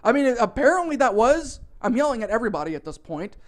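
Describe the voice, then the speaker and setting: A man narrating a comic storytime in an animated, profane, exaggerated way. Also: very high-pitched, fast.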